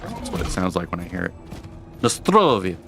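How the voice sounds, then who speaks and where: A man with a low, gravelly voice talks his way through a game session in a loose, offhand way. He half-mutters his moves to himself, then turns to explain things to his viewers. Music plays clearly behind him. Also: completely flat delivery, fast talker. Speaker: gamer streamer. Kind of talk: casual gameplay commentary.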